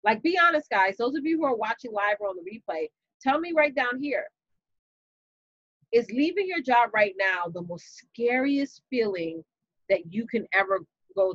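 A woman with a New York accent tells a story on her live stream, chatty and animated, talking straight to her viewers. Her voice sits a little high. The sound is dry and a bit dull, with no room around it. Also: no room sound. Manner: animated, chatty, talks straight to viewers with y'all and you know. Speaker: business coach and live-stream host.

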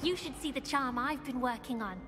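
A woman voicing a polite, high-voiced young student. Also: normal speed, background noise, natural voice. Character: young female student confiding about her diary. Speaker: game character.

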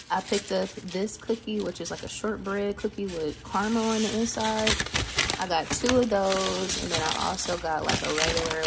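Sassy woman vlogging, gravelly voice. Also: medium pitch. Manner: sassy, playful, salty slang, frequent laughs. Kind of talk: casual chatty vlog. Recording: noisy home recording.

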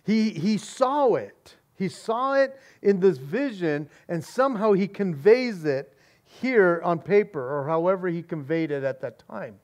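A man preaching as a pastor, excited and casual, often repeating words and saying "man". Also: sits high, a little slow. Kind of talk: expository sermon.

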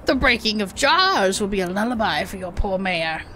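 A woman voicing a lazy, self-important male cat mayor with a low, grand, sleepy manner, reading game dialogue. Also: sing-song, normal speed, a crowd in the background, natural voice. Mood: pompous, drowsy.

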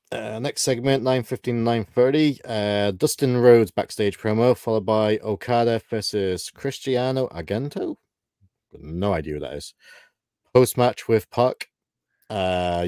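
A man from the UK co-hosting a casual livestream, matter-of-fact and quick to chuckle. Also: on the low side, darkish tone, no room sound, clean studio sound. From United Kingdom. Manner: matter-of-fact, chuckles often, light swearing. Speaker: co-host. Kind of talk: casual livestream chat, reading out ratings.

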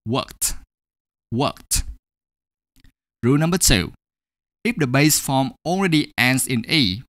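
A man teaching an English grammar lesson, speaking slowly and deliberately and saying each example word twice. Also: mid-range voice, fairly bright tone, no room sound, clean studio sound.

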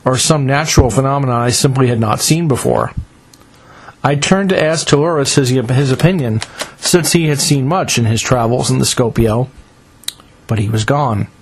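Man reading an adventure serial, mid-pitched, measured and dramatic. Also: breathy edge, rough recording. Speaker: narrator. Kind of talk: scripted first-person story narration.

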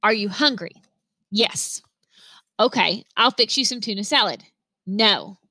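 A woman reading aloud who voices a patient, puzzled father, asking gentle questions in her own bright voice. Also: mid-range voice, unhurried, no echo.

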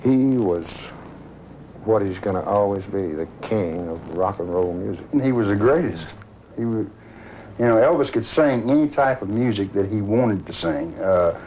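A man's voice: on the low side, lively intonation, normal speed, mellow, slight background noise, rough recording. A man, a guest, speaking earnestly and admiringly.

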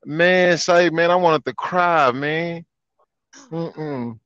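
A man telling a story in casual chat, animated and repeating his phrases, laughing as he goes. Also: on the high side, extremely slow, clear, resonant tone, dry recording. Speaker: guest. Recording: dull lo-fi sound, dry.

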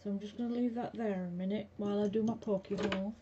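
Fast-talking and warm, with a mid-range voice and fairly even intonation, a blunt, chatty woman streams a craft session from her home craft room. She chats with viewers while working, recorded in dull lo-fi with a faint hiss.

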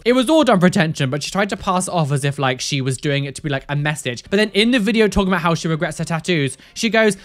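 A woman's voice: medium pitch, fast talker, hardly any pauses, fairly bright tone. A young woman hosting a reaction video, with casual, sarcastic commentary full of exclamations. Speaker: tattoo reaction video host.

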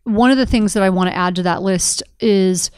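Animated middle-aged woman, smooth voice. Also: mid-range voice, fairly quick, no echo. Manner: animated storytelling, acting out quoted dialogue. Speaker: podcast co-host. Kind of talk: casual conversation.

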